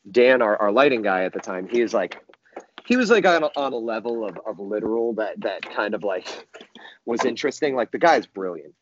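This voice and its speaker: A man telling a long story as a podcast guest, rambling and animated, with many restarts and fillers. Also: lowish voice, dull audio. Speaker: musician guest.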